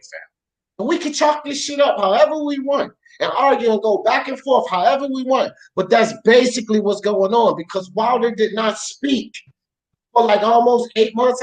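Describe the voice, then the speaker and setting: A man's voice: extremely high pitch, rough recording. A man hosting a sports talk show, arguing bluntly with lots of swearing and street slang. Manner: blunt, profane, argumentative. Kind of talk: heated sports debate. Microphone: podcast mic.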